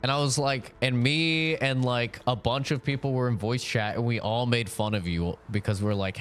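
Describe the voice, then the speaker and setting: A man's voice: mid-range voice, normal speed, hardly any pauses, a bit bright, soft background music. A young man streaming a game from his home setup, chatting casually and rambling to his chat between fights. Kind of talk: casual live-stream commentary.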